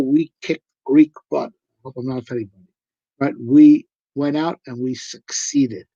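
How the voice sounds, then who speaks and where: On a dull lo-fi recording with no room sound, a male rabbi speaks at medium pitch in a dark tone. He gives an emphatic, conversational live talk on Torah, asking many rhetorical questions.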